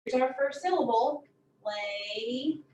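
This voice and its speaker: A woman teaching a phonics lesson, saying each word slowly and repeating it several times. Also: a little high, slight background noise. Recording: echoey room from a distance.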